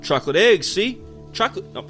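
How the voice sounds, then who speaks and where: A man voicing a weary middle-aged woman in a bunny suit who speaks in halting, broken phrases. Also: sits high, big pitch swings, fairly bright tone, soft background music, pitched above the performer's own voice. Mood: pleading.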